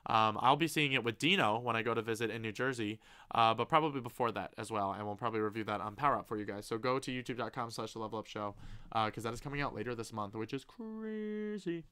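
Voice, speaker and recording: A young live-stream host reads comments out loud and chats in a relaxed way, bubbling with excited enthusiasm and letting slip an occasional swear. He speaks quickly, with a fairly low pitch and a clean tone.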